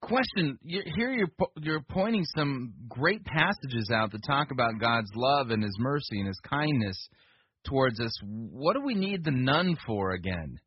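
A man's voice: mid-range voice, big pitch swings, normal speed, a little hiss or hum. A man giving skeptical, dismissive voice-over commentary. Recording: dull, dry, lo-fi voice-over.

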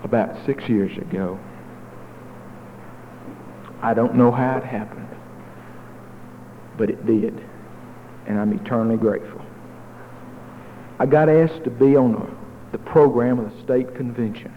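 A male pastor telling stories in a sermon, folksy with dramatic swings between loud and hushed, recorded in a church hall. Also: medium pitch, unhurried, pauses often. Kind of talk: sermon storytelling. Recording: tinny phone-like echoey hall, faint noise.

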